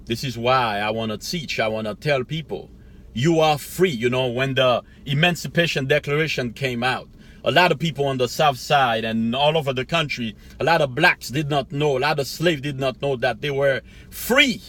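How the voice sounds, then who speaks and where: A man's voice: mid-range voice, normal speed, a bit bright. A middle-aged man giving a rambling motivational monologue as a life coach, preachy, laughing to himself now and then. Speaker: life coach, channel host.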